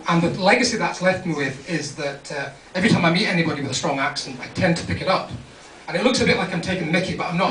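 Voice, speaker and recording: A man's voice: on the high side, animated, rapid-fire. A young man from Scotland with a partly English accent, telling wry, self-deprecating stand-up stories in a comedy club. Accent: English with some Scottish. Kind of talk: stand-up set. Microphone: pocket camera in the audience. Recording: roomy, distant club recording with crowd noise. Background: audience laughter.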